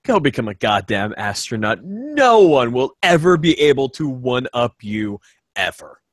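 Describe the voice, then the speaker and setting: Animated, sweary male podcast host. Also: medium pitch, a little slow, no room sound, studio quality. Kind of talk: casual chat.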